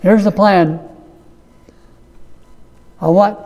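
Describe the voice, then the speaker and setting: A pastor delivering a sermon, preaching slowly and emphatically, repeating key phrases. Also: male voice, high voice, warm tone, in a large hall, soft background music.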